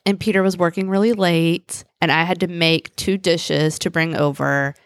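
A woman co-hosting a podcast, telling lively stories in casual chat and laughing often. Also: lowish voice, normal speed, dry recording, clean studio sound. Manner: animated storyteller, laughs often. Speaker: podcast co-host.

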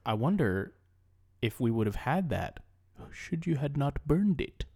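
Bemused man with a lively voice. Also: medium pitch, a little slow. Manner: bewildered, playful, bursts into mock outrage. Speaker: comedy podcast co-host. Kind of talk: improvised comedy banter.

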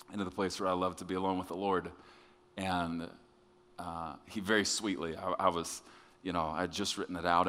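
A male pastor preaching a sermon in a conversational way, with restarts, swinging from quiet confiding passages to loud emphatic ones. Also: sits low, in a large hall.

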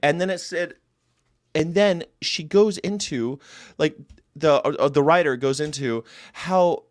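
A man's voice: fairly high pitch, slow pace, dry recording, studio quality. A man hosting a casual daily monologue, rambling and crude with sarcastic asides. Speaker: vlog host.

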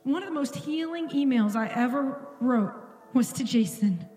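A woman's voice: high-pitched, expressive, moderate pace, warm tone, echoey room, long reverb tail. A woman pastor giving an earnest, intimate sermon in a church, at times dropping to a whisper. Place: church sanctuary.

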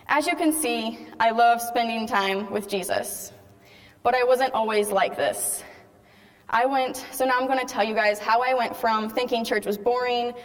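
Teen girl telling her story in a reverberant hall. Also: on the high side. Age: teens. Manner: chatty storytelling, acts out quoted dialogue. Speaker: speaker giving a faith testimony. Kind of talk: personal testimony talk to an audience.

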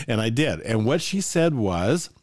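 A man's voice: mid-range voice, big pitch swings, slow pace, no echo, studio quality. A middle-aged man, a music teacher hosting a solo podcast, talking with enthusiasm and asking the listener rhetorical questions.

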